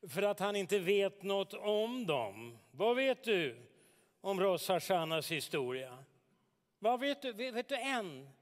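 A man's voice: high-pitched, sing-song, a little slow, in a large hall. An actor in a radio drama playing a defiant young man in a heated, scornful family argument. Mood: arguing. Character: defiant young man arguing with his father.

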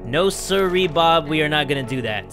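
A young man giving gameplay commentary, reading game text aloud and breaking into loud swearing outbursts. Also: a little high, animated, normal speed, over music. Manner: reads game text aloud in a mock-dramatic tone. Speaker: gaming YouTuber.

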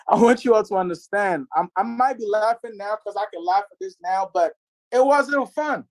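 A man in his twenties giving a preachy, repetitive motivational sales pitch to listeners on a group call. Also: normal speed, dry recording. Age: 20s. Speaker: network marketing presenter.

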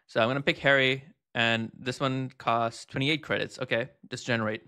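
A man hosting a casual hands-on review, chatting and thinking aloud with fillers and quick asides. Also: mid-range voice, steady tone, bright, forceful tone, smooth. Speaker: host reviewing text-to-speech tools.

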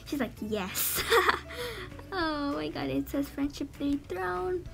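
A woman's voice: high-pitched, lively intonation, a little slow, gravelly, soft background music. A woman hosting a game reaction vlog, teary and gushing, often trailing off and restarting her sentences. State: teary, near crying. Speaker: gaming channel host.

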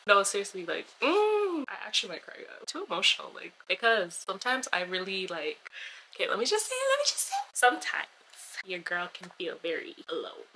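A young woman vlogging casually, chatty and expressive with lots of slang. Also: mid-range voice, moderate pace, noisy background. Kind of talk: casual vlog chat.

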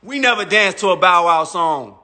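A man's voice: high voice, expressive, normal speed, bright, forceful tone. A man in his thirties on a phone livestream, boastfully mocking a rival with repetitive jabs. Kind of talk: taunting livestream rant. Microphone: phone mic. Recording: long echoey reverb.

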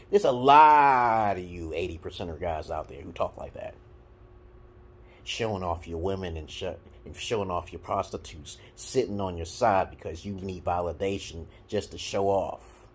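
A man's voice: low-pitched, slight background noise. A man from Brooklyn with a New York accent, talking bluntly and crudely to the camera in a casual rant of dating advice. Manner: blunt, crude, animated, swings between loud and muttered. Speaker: vlogger giving dating advice.

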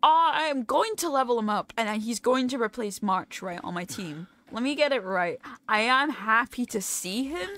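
A woman's voice: fairly high pitch, animated, moderate pace, hardly any pauses, fairly bright tone. A young woman streaming a game, chatting casually, swearing freely and poking fun at herself. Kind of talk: casual live-stream gaming chat.

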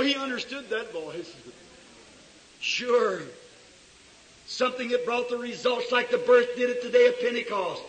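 A male preacher delivering a fiery revival sermon in a church, swinging between shouts and low asides. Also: a little slow, long pauses. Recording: echoey hall recorded from far off.

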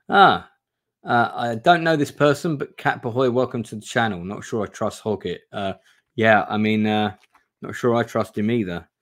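A man's voice: lowish voice, moderate pace. A man streaming a gamebook play-through from home on camera, reading aloud casually, swearing and chatting to viewers. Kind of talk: live reading and casual chat. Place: home room.

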